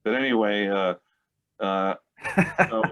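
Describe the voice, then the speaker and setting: A man's voice: lowish voice, steady tone, takes it slowly, a bit bright, smooth. A man around sixty, a guest musician, telling long rambling anecdotes in a casual interview. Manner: rambling, chatty anecdote-teller. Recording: dull lo-fi sound.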